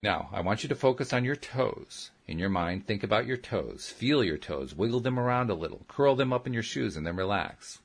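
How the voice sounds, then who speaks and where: A man voicing a calm, patient female counselor who gives slow, soothing instructions in an audiobook. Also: on the low side, breathy edge. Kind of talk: audiobook character reading.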